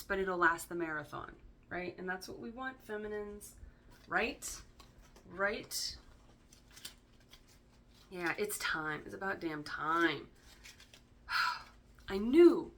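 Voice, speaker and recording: A woman's voice: mid-range voice, sharp tone. A woman giving a casual spoken tarot reading in a chatty way, full of fillers and loose swearing, often checking in with "right?". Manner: chatty, filler-heavy, casually profane, keeps asking "right?". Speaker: tarot reader.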